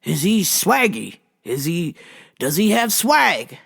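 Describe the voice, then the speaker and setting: Woman doing a pestering old male vet, brash, lively swoops, unhurried. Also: on the low side, creaky, slightly rough, full character voice. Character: pushy older male veteran customer, crude joker.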